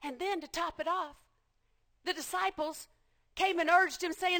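A woman preacher delivering a passionate sermon, repeating phrases and building to shouts. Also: extremely high pitch, fairly even intonation, measured pace, pauses often.

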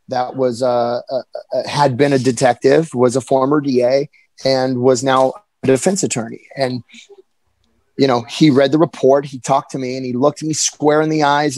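An earnest young man tells his own story candidly. He has an average-pitched voice and often stumbles and restarts mid-sentence. The sound is dry and close. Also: a little mellow, dry recording, poor audio. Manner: earnest, halting with frequent restarts. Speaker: personal storyteller. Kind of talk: candid personal account.

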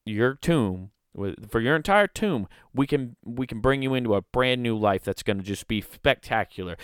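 A man putting on a pushy, wheedling salesman god pitching an afterlife. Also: clean tone, no echo, clean studio sound. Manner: wheedling, fast sales patter.

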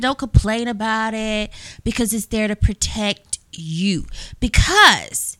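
Slow-talking playful Southern woman. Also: a little high, animated, pushed and bright, no echo. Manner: playful, talkative, storytelling. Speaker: podcast co-host. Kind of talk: casual podcast chat.

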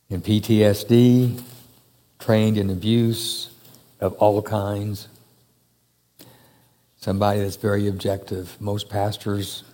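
A man preaching a sermon to a church congregation, speaking slowly and emphatically with long pauses. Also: fairly low pitch, warm tone. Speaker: pastor. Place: church hall. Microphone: handheld or stand mic.

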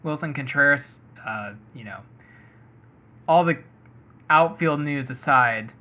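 A man's voice: medium pitch, slow. A man hosting a casual sports podcast, chatty and thinking aloud with lots of hedging. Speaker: fantasy baseball podcast host. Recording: muffled lo-fi audio.

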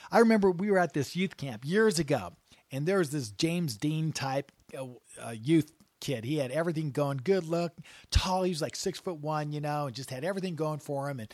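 A man's voice: a little high, brisk, darkish tone, dry recording. A man hosting a Christian radio talk show, telling stories and urging listeners not to fear. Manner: earnest and encouraging, rising to exhortation.

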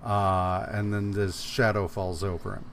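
Slow, low-voiced man hesitating. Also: a little hiss or hum. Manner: relaxed, hesitant, many fillers. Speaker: podcast co-host. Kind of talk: casual comics podcast chat.

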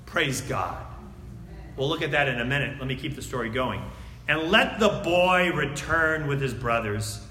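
A man preaching a sermon and reading scripture aloud, swinging between loud emphatic lines and hushed, near-whispered words. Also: medium pitch, animated, normal speed, slight background noise. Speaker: pastor. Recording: echoey hall.

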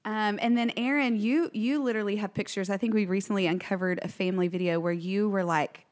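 A woman's voice: mid-range voice, fairly even intonation, a little fast, darkish tone. A woman co-hosting a podcast in casual chat, bubbly and enthusiastic. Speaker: podcast co-host.

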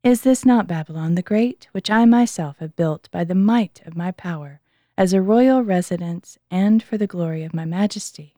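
A woman reading the words of a proud ancient king who has been humbled, in an earnest, measured way. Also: on the low side, warm tone, no echo, clean studio sound, lightly acted.

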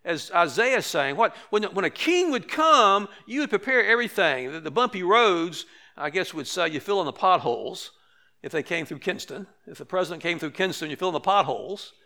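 A man's voice: high-pitched, expressive, brisk, bright, forceful tone. A man preaching a sermon in a conversational way, with frequent restarts and asides. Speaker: pastor.

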